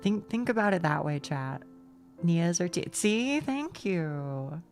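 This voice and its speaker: A young woman live-streams a game in a low, gravelly voice. She talks to her chat in a loose, excited ramble, swearing freely. Faint game music plays behind her. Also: a little slow.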